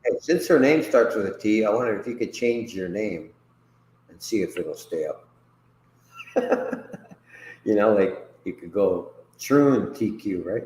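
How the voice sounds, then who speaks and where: A man's voice: fairly low pitch, expressive, measured pace, pauses often, a little mellow, echoey room, a little hiss or hum, rough recording. A man hosting a casual livestream chat, rambling and profane, laughing often between remarks. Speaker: host.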